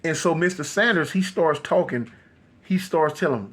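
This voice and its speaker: A man telling a horror story casually, animated and loose with many fillers. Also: a little high, normal speed, breathy edge.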